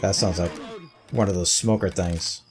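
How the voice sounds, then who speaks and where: A man's voice: sits low, steady tone, moderate pace, soft background music. A man giving casual commentary while he plays, reacting in short remarks to himself and his teammates. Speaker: gameplay commentator. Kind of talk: casual let's-play commentary.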